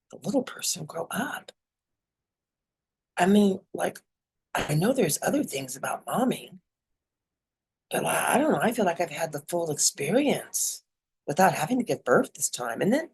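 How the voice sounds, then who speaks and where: A woman's voice: medium pitch, a little mellow. A middle-aged woman giving a casual spiritual talk as a mentor, chatty and digressive, often laughing.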